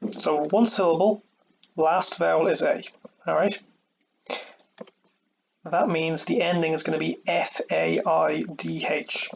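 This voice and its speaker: A man's voice: a little high, steady tone, slow pace, gravelly, pauses often, muffled recording, a little hiss or hum. A man teaching an Irish grammar lesson step by step, patient and checking in with "okay" and "all right" often.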